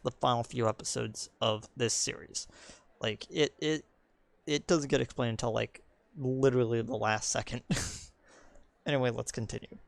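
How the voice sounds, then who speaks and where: Rambling gravelly young man streaming. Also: mid-range voice, no echo. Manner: rambling, full of ums and likes. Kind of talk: casual gameplay commentary.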